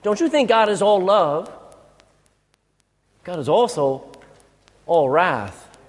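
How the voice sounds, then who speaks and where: Animated high-voiced preacher, big hall. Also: male voice, slow. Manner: emphatic, rhetorical questions. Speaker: pastor. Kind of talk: sermon. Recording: long hall reverb.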